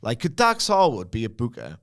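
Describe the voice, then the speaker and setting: A man's voice: medium pitch, huge pitch swings, a little fast, a bit bright. A man co-hosting a podcast in casual chat, making wry, offhand remarks. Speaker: podcast co-host.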